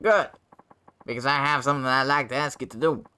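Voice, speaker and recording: A man voicing an excitable man on the run who keeps calling his listener boy, in a raised, pleading voice. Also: medium pitch, fairly quick, clean tone, natural voice. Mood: eager. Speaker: game character voiced by a player.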